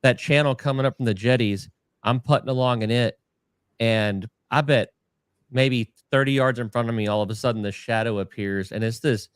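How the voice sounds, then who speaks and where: A man's voice: mid-range voice, moderate pace, clear, resonant tone, no echo, clean studio sound. A man who is a fishing captain, rambling self-deprecatingly with many restarts in a casual podcast chat.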